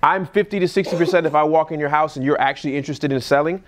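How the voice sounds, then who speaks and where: Man, real estate investor, casual seminar talk, fairly high voice, acts out phone calls. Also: racing. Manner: animated, acts out calls in a higher voice. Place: live event room.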